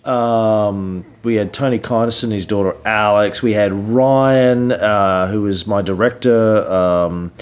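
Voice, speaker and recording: A middle-aged man with a fairly low voice, slightly hoarse from losing his voice. He rambles through a casual late-night podcast chat in a hotel room, full of fillers and restarts. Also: fairly even intonation, takes it slowly, hardly any pauses. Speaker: podcast host.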